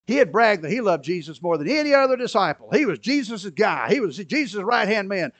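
A man preaching a sermon, moving between quiet, low asides and loud, emphatic bursts. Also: sing-song, fairly quick, no room sound. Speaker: pastor.

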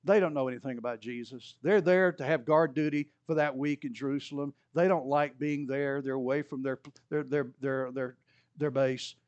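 A man's voice: fairly even intonation, normal speed, darkish tone, no room sound, lo-fi sound. A man preaching a sermon, retelling scripture as a story and acting out the voices of the people in it. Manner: storytelling preacher, acts out quoted voices with rising pitch. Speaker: pastor.

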